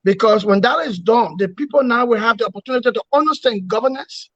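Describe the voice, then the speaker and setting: Emphatic man, high voice. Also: fast talker, fairly bright tone, dry recording. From Liberia. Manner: emphatic, repetitive oratory with rhetorical questions. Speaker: opposition movement leader, guest. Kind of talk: political interview. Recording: dull, dry lo-fi sound.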